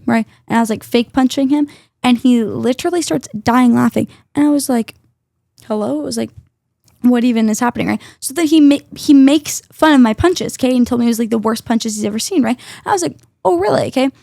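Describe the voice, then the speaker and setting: A woman's voice: a little high, creaky, a little mellow, dry recording, studio quality. A teenage girl co-hosting a casual podcast, telling chatty stories and tagging lines with "right?" and "okay?". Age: teens. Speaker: co-host.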